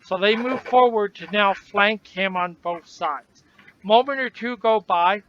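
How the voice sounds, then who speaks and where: High-voiced man running a tabletop game. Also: a little slow, a bit bright, no echo. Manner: casual, descriptive, with fillers. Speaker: game master. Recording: dull lo-fi recording, faint noise.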